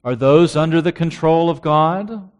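A man's voice: on the high side, unhurried. A man preaching a sermon who reads out scripture verses and asks his listeners rhetorical questions.

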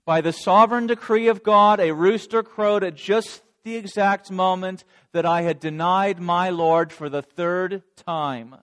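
A man's voice: high-pitched, measured pace, hardly any pauses, fairly bright tone. A man voicing a remorseful adult male disciple, telling of his denial in a dramatic first-person monologue.

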